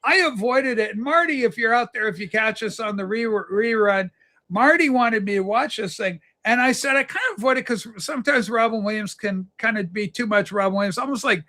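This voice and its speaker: A man with a high, bright voice chats on a video call as host. He rambles along in a loose, jokey way. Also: brisk. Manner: chatty and rambling, jokey exclamations. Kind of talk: casual group chat on a video call.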